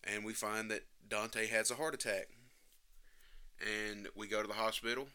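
A man's voice: lowish voice, fairly even intonation, moderate pace, pushed and bright, clear, resonant tone. A man giving a casual, passionate film review, emotional and emphatic, rambling through scenes and swearing now and then.

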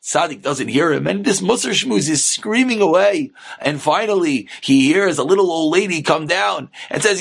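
A man's voice: on the high side, moderate pace, vocal fry, husky. A man, a rabbi, telling a story as a sermon and acting out its characters. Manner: animated, acting out voices.

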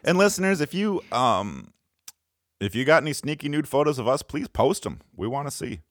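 A man co-hosting a comedy podcast, joking crudely in quick, casual banter. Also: medium pitch, big pitch swings, no room sound, clean studio sound. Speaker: podcast co-host.

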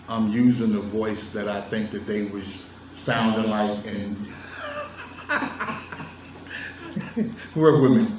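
A man's voice: lowish voice, lively intonation, slow, pauses often, darkish tone, a little hiss or hum. A man talking straight to his viewers in a casual monologue, emphatic and teasing, laughing often. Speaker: vlogger lecturing on religion. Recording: roomy sound from a distant mic with faint ambience.

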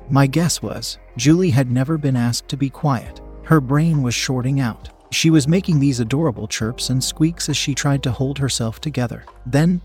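Man narrating a story over soft music. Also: medium pitch. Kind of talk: reading an erotic story aloud.

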